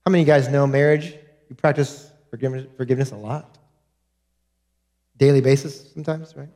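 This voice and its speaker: A man's voice: medium pitch, fairly even intonation, brisk, dark tone. A man preaching a sermon as a pastor, earnest and direct, repeating key points to his congregation.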